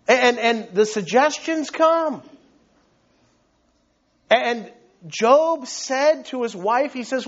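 A man's voice: high voice, very animated, takes it slowly, pauses often. A male pastor preaching a sermon, earnest and emphatic, often repeating words as he builds his point, on a dull, lo-fi recording.

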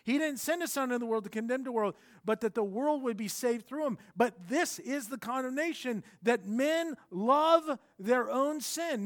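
A pastor with a notably high voice delivers a sermon in an earnest, conversational way. He drops to near-hushed lines, then rises to emphatic points, with restarts and fillers along the way. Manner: earnest preaching, swinging between soft and emphatic.

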